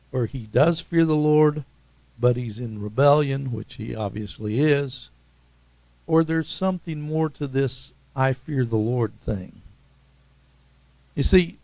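A man with an Oklahoma accent preaching a sermon as pastor, talking in a conversational, emphatic way and swinging suddenly between loud and soft. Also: medium pitch, vocal fry, no echo, low-quality recording.

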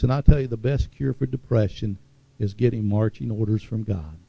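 A man's voice: mid-range voice, steady tone, fairly quick, creaky, dark tone, dry recording, highs cut off. A middle-aged man preaching a sermon in a conversational way, reading scripture aloud with asides.

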